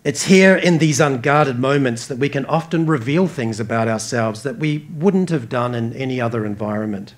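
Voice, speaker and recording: A man with an Australian accent preaching a sermon earnestly, rising emphatically and dropping soft. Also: medium pitch, normal speed, few pauses. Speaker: pastor.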